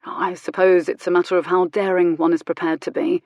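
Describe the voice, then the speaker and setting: A woman voicing a calm, dry-witted male country vicar who speaks mildly but bluntly. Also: fairly low pitch, fairly quick, no room sound, natural voice. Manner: mild, blunt, quietly commanding.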